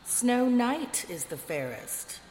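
A woman reading a storybook, voicing a wise older queen who speaks calmly and with amused composure. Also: fairly high pitch, takes it slowly, pitched above the performer's own voice. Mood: serene. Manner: calm, amused, philosophical. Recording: echoey room with long reverb, faint noise.

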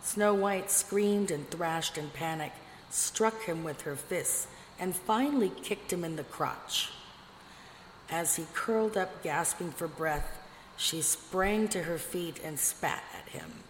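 A woman narrating a fairy tale in a measured, expressive reading. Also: lowish voice. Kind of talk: storybook reading. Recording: echoey room with long reverb, faint noise.

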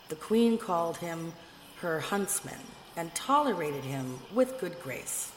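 A woman narrating a fairy tale in a measured, expressive reading. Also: fairly low pitch. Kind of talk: storybook reading. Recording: echoey room with long reverb, faint noise.

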